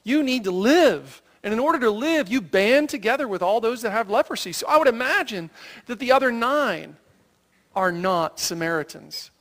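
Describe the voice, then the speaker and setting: An animated preacher telling a story from the pulpit, the voice rising and falling widely in a lively, expressive way. The delivery keeps checking in with listeners through rhetorical questions and quick "right?" tags. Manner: acts out quoted voices in a raised pitch. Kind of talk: sermon.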